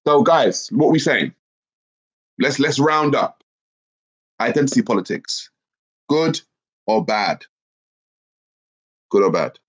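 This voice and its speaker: Husky and mid-range, this man speaks slowly with long pauses, stuffed up from a cold as he hosts a casual livestream. He reads viewer comments aloud in a lively, chatty way, and the stream audio sounds dull and lo-fi.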